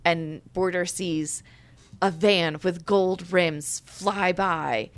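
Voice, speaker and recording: A woman co-hosts a book podcast, reviewing a book in a lowish voice and speaking very slowly. Her casual chat turns into animated, profane rants packed with "like."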